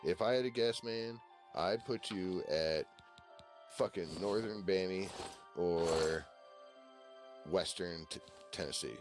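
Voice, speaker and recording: A man's voice: low voice, slow, pauses often, faint music behind. A man from Virginia chatting on a voice call, rambling and swearing, with lots of "you know" and "like". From Virginia, USA. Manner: rambling, profane, full of fillers. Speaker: voice-call participant. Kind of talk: casual chat on a voice call.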